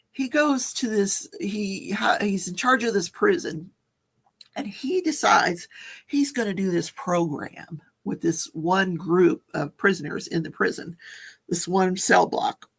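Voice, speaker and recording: A woman's voice: mid-range voice, unhurried, vocal fry, slightly rough. A woman hosting a casual livestream chat, reading viewer comments and telling stories with frequent laughter. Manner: chatty, laughs often, storytelling. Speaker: livestream host.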